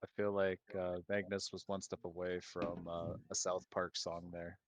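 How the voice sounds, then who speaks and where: A man's voice: deep voice, level tone, moderate pace, background noise. A man playing a tabletop game, chatting in a jokey way. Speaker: player. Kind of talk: casual game chat.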